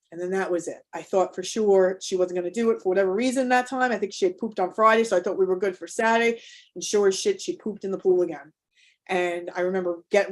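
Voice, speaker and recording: A woman's voice: mid-range voice, darkish tone. A middle-aged woman leading an online workshop, telling a candid, emotional personal story with many restarts. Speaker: workshop host, parent coach. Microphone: video call.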